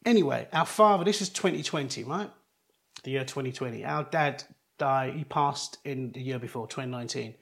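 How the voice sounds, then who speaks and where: Here a middle-aged interviewee recounts his own story with earnest hesitation, repeatedly starting over. The voice is mid-range and creaky yet fairly bright in tone.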